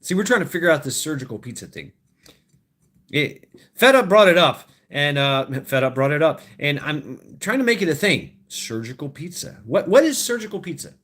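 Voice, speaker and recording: A man in his thirties hosts a casual livestream and rambles to his viewers. He swears freely and laughs at his own jokes. His pitch moves all over the place, swinging up and down. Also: very animated, normal speed, a bit bright. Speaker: livestream host. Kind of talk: casual livestream chat with chat readers.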